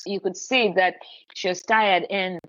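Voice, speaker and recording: A woman hosting a podcast in casual live-stream chat, talking in a chatty, animated way with many restarts. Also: mid-range voice, a little slow, dry recording, dull audio. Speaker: podcast host.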